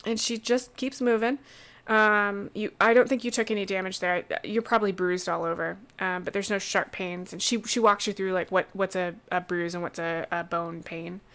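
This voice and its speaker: Woman game master narrating a tabletop session; easygoing, stop-start delivery at a medium pitch. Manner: relaxed, halting narration with many restarts.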